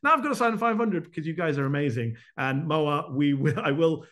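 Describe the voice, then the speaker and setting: A man hosting a town hall, answering members' questions off the cuff in a brisk, animated way, listing his points and tossing in quick asides. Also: a little high.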